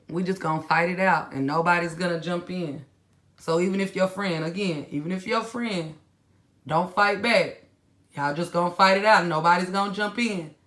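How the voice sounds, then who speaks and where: A woman's voice: on the low side, fairly bright tone. Blunt slangy woman with a roomy echo. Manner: blunt, scolding, slangy, addresses viewers directly. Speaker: commentary channel host. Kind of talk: casual reaction commentary.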